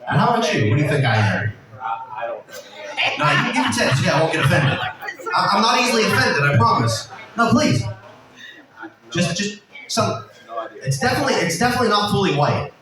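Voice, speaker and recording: Man, amateur comic, playful crowd work, high animated voice, echoey bar, distant mic, music behind. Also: brisk, pauses often. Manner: playful, teasing the audience. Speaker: amateur stand-up comedian. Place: small bar stage.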